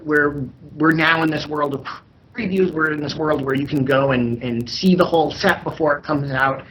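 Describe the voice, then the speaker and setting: A man's voice: on the high side, fairly even intonation, moderate pace, fairly bright tone, low-quality recording. A man in an interview, speaking reflectively and poking fun at himself. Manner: reflective, self-mocking.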